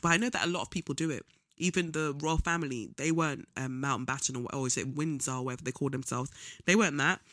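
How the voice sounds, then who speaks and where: A man's voice: mid-range voice, bright, forceful tone, dry recording, clean studio sound. A young man gives a casual political commentary monologue, blunt and scornful, full of slang and frequent ums. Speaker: vlogger.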